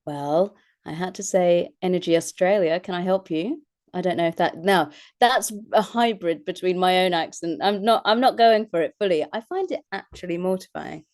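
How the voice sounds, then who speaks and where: A woman's voice: fairly low pitch, normal speed, darkish tone. A woman, an actress and voice artist chatting as an interview guest, self-deprecating and laughing often as she talks. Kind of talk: casual interview chat.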